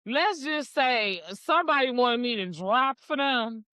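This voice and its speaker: A woman's voice: high-pitched, expressive, measured pace, sharp tone, smooth, no room sound. A woman with a Detroit accent, co-hosting a casual podcast and speaking bluntly and frankly. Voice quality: blunt, frank, swears freely. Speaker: podcast co-host.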